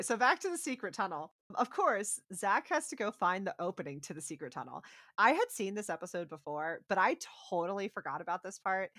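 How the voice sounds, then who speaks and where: A woman co-hosting a podcast, casually recapping a TV episode as a lively storyteller who acts out the quotes. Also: medium pitch, no room sound, studio quality. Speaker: podcast co-host.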